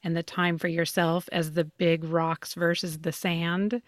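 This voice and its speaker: A woman with a somewhat low voice explains an idea in a podcast conversation, walking through everyday examples one by one. Her voice is recorded dry and close. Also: flat delivery, unhurried, no echo.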